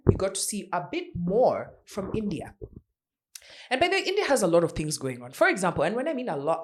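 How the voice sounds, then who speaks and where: A woman in her forties hosts a casual pop-culture news podcast. Her voice swoops up and down a lot as she chats. She keeps firing off rhetorical questions at her listeners. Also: fairly low pitch. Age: around 40. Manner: chatty, animated, full of rhetorical questions. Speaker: podcast host.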